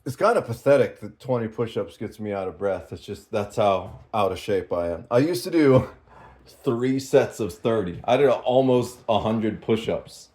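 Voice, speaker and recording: A sleep-deprived man in a casual vlog, talking in a halting, rambling way and short of breath. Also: fairly low pitch, expressive, a little mellow. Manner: rambling, halting, with fillers and laughs. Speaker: vlogger.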